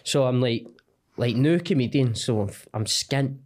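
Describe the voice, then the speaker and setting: A man's voice: mid-range voice, measured pace, a little mellow. A young Scottish man, a comedian guest, rambling and self-deprecating in casual podcast chat.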